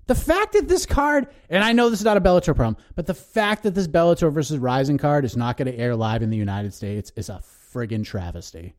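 A man co-hosting a casual podcast, talking in animated bursts and ranting with excitement. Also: on the high side, a little fast, few pauses. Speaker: co-host.

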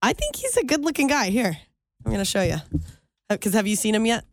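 A woman's voice: fairly high pitch, sing-song, a little fast, no echo, studio quality. A young woman co-hosting a radio show, chatty and teasing, who laughs often. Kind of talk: casual banter.

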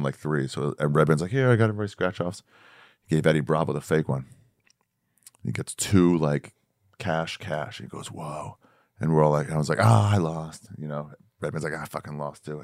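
A man's voice: a bass voice, no echo, studio quality. A middle-aged male comedian in casual podcast chat, telling stories and acting out quotes, swearing freely. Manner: animated storyteller, acts out quotes, swears freely. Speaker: comedian guest.

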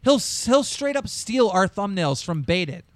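A man on a podcast mic, talking in a slightly high voice with a very dry, close sound. He rants and swears freely, heated and restless. It is loose, casual podcast chat. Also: sing-song, unhurried, no room sound. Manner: ranting, profane, heated. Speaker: podcast host.

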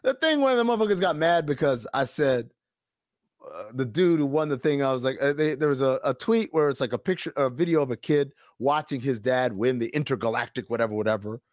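A man's voice: medium pitch, fairly quick, dry recording, studio quality. A man on a podcast, telling a story in casual chat, cursing freely and acting out what others said. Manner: animated storytelling, profane, quotes others in voices. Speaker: podcast co-host.

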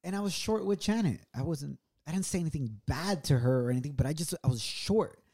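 A man's voice: fairly high pitch, lively intonation, brisk, warm tone. A middle-aged man co-hosting a podcast, telling a personal story in an earnest, reflective way. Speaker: podcast co-host. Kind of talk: casual, heartfelt storytelling.

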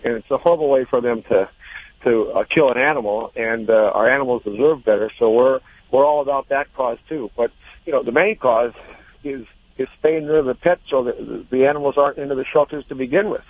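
A man's voice: mid-range voice, quick pace, dry recording. A man who runs an animal nonprofit, speaking hesitantly as a guest. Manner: hesitant, many "uh" fillers. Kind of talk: phone interview. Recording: husky, tinny phone line.

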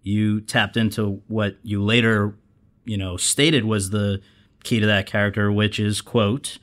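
A man hosting an interview, asking measured questions and reading out quotes, with frequent short affirmations. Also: on the low side, steady tone, fairly bright tone. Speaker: interviewer host.

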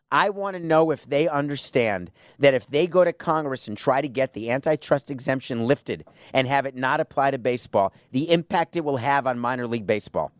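A man's voice: on the high side, no room sound, clean studio sound. A man hosting a talk radio show, speaking bluntly and sarcastically in an opinionated monologue. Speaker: sports radio host.

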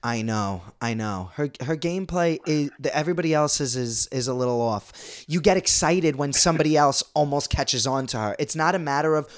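A man's voice: fairly high pitch, normal speed, hardly any pauses, smooth. Chatty man co-hosting a podcast. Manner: chatty, agreeable, keeps saying "I know". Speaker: co-host. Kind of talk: casual chat.

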